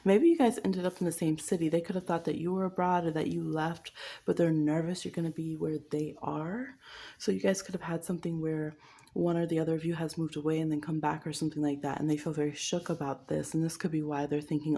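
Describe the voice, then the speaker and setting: A woman with a low, gravelly, mellow voice gives a casual pick-a-card tarot reading. She is chatty and teasing, laughs often and slips into mocking quoted voices. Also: level tone, brisk. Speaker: tarot reader.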